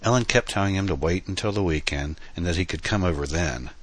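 A man reading an audiobook in a steady, earnest storytelling manner. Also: deep voice, fast talker, breathy edge, no room sound. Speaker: narrator. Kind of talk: audiobook narration.

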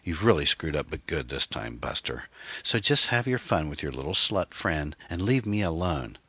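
A man voicing a bitter, angry woman on the phone, snapping and scornful, with shrill outbursts. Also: big pitch swings, normal speed, bright, forceful tone, breathy edge, dry recording, heavily acted. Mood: furious.

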